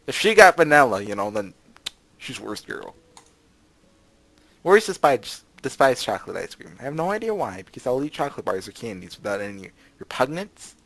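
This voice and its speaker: A man's voice: medium pitch, sing-song, moderate pace, vocal fry, fairly bright tone, no echo. A man hosting a let's play, reading a visual novel aloud and breaking off for sarcastic, jokey asides. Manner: sarcastic, jokey asides between read lines.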